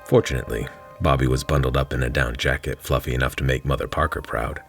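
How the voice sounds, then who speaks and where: A man narrates his own fantasy short story with a dry, wry delivery. His voice is extremely low and gravelly. Faint music plays beneath the reading. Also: fairly even intonation, quick pace, fairly bright tone.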